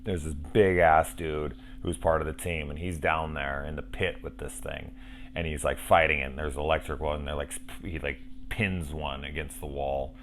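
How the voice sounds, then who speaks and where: A man's voice: a bass voice, fairly even intonation, moderate pace, a bit bright, slight background noise. A man in his forties talking casually and enthusiastically about a movie, rambling, restarting and swearing as he goes. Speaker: film reviewer. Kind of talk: casual review monologue.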